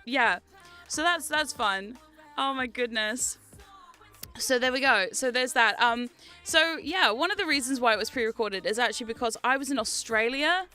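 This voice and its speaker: Bright high-voiced woman streamer. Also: moderate pace, soft background music. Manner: chatty, laughing, swearing freely. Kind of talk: casual livestream chat.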